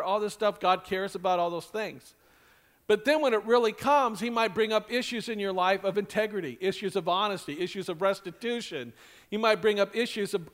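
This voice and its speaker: A male pastor preaching a sermon in a conversational style, with lively asides and acted-out quotes. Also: high voice.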